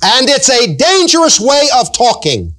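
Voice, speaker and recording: A man's voice: very high-pitched, wildly swooping pitch, a bit bright. A male pastor preaching a sermon, stretching out key phrases and acting out everyday sayings. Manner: drawn-out emphatic preaching, acting out everyday quotes.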